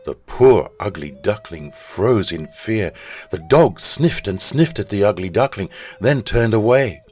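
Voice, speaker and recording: Deep-voiced man reading a children's story. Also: measured pace. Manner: expressive, animated storytelling. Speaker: school chaplain.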